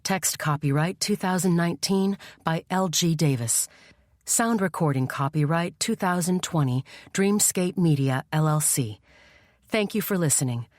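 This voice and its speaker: A woman reading a first-person thriller audiobook in a measured, tense storytelling voice. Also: fairly low pitch, animated, a little mellow, no room sound. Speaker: audiobook narrator. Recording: dry studio voice-over.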